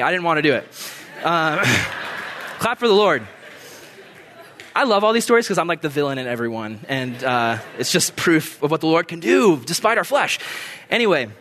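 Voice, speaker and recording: Young guy preaching, tells stories, voice shoots way up when he acts out getting mad. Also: fairly quick. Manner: storytelling, animated, acts out his own outbursts in a high strained voice. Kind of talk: sermon.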